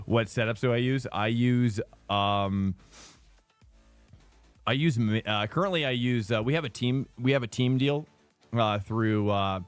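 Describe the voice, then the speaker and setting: A man's voice: medium pitch, a little slow, long pauses, clean tone, no room sound. A man streaming a sim race, chatting casually with lots of ums and uhs, often laughing as he rambles. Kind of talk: casual live-stream chat while racing. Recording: loud music playing behind. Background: loud music.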